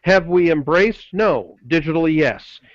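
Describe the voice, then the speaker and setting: A man co-hosting a webinar, delivering a pushy motivational sales pitch full of repeated slogans. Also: lively intonation, unhurried, no room sound, muffled recording. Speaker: webinar co-host.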